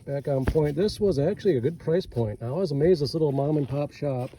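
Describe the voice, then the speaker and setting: A man's voice: fairly high pitch, a little fast, mellow, slight background noise, poor audio. A man with a Minnesota accent casually talking through ranch maintenance in a rambling, self-deprecating vlog, recorded outdoors on a ranch. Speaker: ranch owner vlogger.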